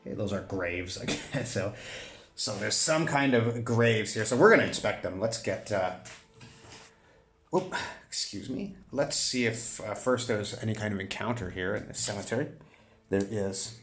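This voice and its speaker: A man narrating a solo tabletop game, thinking aloud with many pauses and fillers. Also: fairly low pitch, expressive, fairly bright tone, echoey room, faint music behind.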